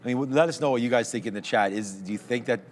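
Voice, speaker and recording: A man's voice: mid-range voice, rapid-fire. A man co-hosting a live stock market show, talking in a rambling, conversational way and chuckling at himself now and then. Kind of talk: casual market chat.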